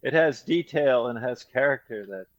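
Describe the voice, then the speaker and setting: A man's voice: mid-range voice, expressive, moderate pace, rough recording. A middle-aged man from Rhode Island co-hosting a podcast, chatting casually, joking and rambling, laughing often. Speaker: podcast co-host. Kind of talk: casual chat.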